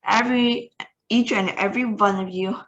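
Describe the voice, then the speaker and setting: Grand High Witch, a woman shouting as a tiny raging witch queen. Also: fairly even intonation, normal speed, highs cut off, slight background noise, lightly acted. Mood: commanding. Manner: bossy, shouting and shrieking. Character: tiny furious female witch leader, commanding. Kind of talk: read-aloud storybook acting.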